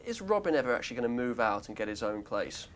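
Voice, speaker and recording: A man's voice: medium pitch, very animated, quick pace, a little hiss or hum. A man interviewing guests on breakfast TV, asking cheeky, teasing questions. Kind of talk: breezy TV interview.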